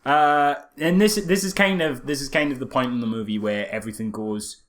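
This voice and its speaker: A man's voice: mid-range voice, steady tone, brisk, a crowd in the background. A man, co-hosting a casual film review chat and mocking scenes with silly character voices. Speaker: podcast co-host.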